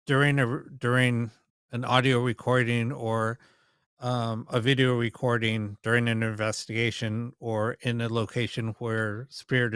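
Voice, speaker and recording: A man's voice: medium pitch, a bit bright, clean tone, dry recording, studio quality. A man hosting a paranormal live stream, telling stories casually with lots of ums, restarts and the odd curse word. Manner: rambling, many ums and restarts, mild swearing.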